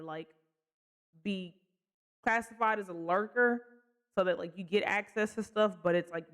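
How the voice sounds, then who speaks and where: A woman's voice: on the low side, fairly bright tone. A young woman streaming a game playthrough, chatting casually in a rambling way with frequent restarts. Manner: rambling, restarts often, laughs a lot.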